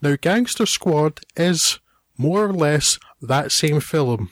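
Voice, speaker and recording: A man's voice: a little high, lively intonation, takes it slowly, dry recording. Sardonic man reviewing films. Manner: dry, sardonic. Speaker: podcast co-host, film reviewer. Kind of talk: casual film review with read synopsis.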